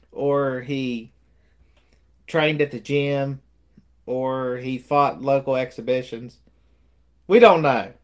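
Animated man retelling movie scenes. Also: medium pitch. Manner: animated retelling, acting out movie lines with laughs. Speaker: podcast co-host. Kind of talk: casual movie review chat.

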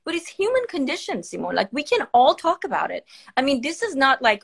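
Sitting high with big pitch swings and vocal fry, this woman talks fairly quickly. She's a palliative care physician and podcaster from Iran, guesting in an emotional live stream, speaking passionately and earnestly while holding back tears, with frequent fillers and restarts.

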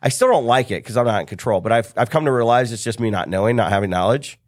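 A middle-aged American business coach, appearing as a podcast guest, tells a story in casual conversation and animatedly acts out the voices of the people in it. He talks fast in a mid-range voice. The sound is clean studio quality with no echo.

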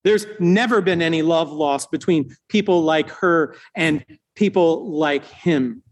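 A male preacher retelling a scripture story as a slow, dramatic sermon with long pauses. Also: on the high side.

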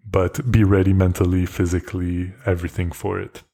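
A man's voice: sits low, level tone, a little fast, creaky, dark tone. A young man from Canada hosting a podcast, telling a travel story in a loose, rambling way, with lots of swearing, fillers and restarts. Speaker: podcast host. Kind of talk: casual solo storytelling.

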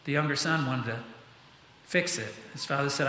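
A man's voice: mid-range voice, moderate pace, pushed and bright, slight background noise. A man preaching a sermon to his church in an earnest manner, building to emphatic peaks. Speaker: pastor. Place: church sanctuary. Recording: echoey hall.

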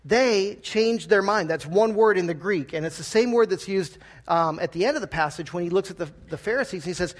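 A man preaches to his congregation in a church, his voice a touch higher than most. He keeps it conversational and lightly humorous, often checking in with the room with a quick question. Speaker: pastor. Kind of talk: sermon. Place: church sanctuary.

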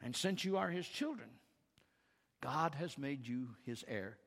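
A man preaching a sermon as pastor, slow and emphatic, building to loud calls for the congregation to repeat after him. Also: medium pitch, animated. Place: church sanctuary. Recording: reverberant church hall, faint guitar behind.

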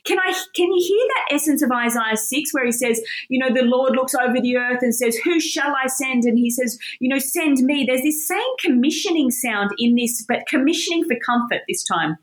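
A woman's voice: sits high, brisk, few pauses, roomy sound. A woman teaching a Bible lesson in a casual, enthusiastic, conversational way, with fillers and restarts.

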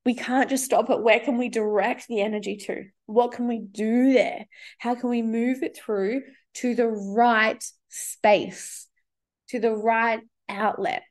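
A woman's voice: on the high side, fairly even intonation, a little slow. A woman talking casually in a studio as a spiritual podcast host, chatty and swearing freely as she acts out inner voices. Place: studio with windows.

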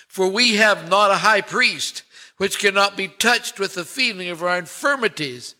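A male pastor preaching a sermon, lingering on words with dramatic pauses and rising swells. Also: high-pitched, sharp tone.

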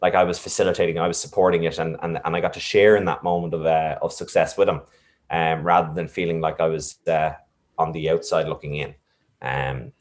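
A man's voice: rumbling low, little pitch movement, brisk. A man reflectively telling a personal story, with many fillers and restarts. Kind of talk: casual storytelling.

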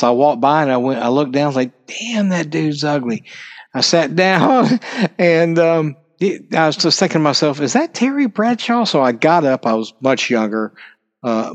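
A middle-aged man hosting a podcast, telling loose stories in a casual, rambling way with lots of ums and side remarks. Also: mid-range voice. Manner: rambling, full of ums and asides. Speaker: podcast host. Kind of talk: casual monologue.

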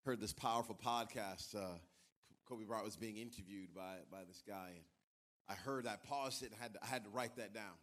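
A middle-aged man preaching a sermon as pastor in a church, animated and acting out the voices of people in his stories. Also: fairly low pitch, normal speed. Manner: animated, acts out voices of others. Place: church sanctuary.

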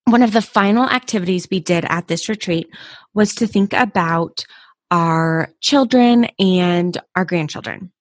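A woman in her thirties speaks in a fairly low voice, hosting a motivational podcast. She talks in a candid, personal and encouraging way. The sound is dry and close to the mic, with no room around it. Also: no echo. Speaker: podcast host. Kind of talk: motivational solo podcast talk.

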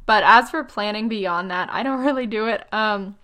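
A woman in her twenties, a little tired, talks through blogging advice in a loose vlog style. She is chatty and self-deprecating, full of fillers and quick asides, with a mid-range voice. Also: mid-range voice, a bit bright. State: tired, yawning.

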